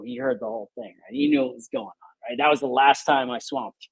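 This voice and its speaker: A man with a gravelly, somewhat high voice hosts a casual podcast chat. He tells profane work stories and acts out the quotes as he goes. The sound is dry and close. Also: fast talker, dry recording, poor audio. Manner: profane, animated storyteller who acts out quotes. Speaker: podcast host.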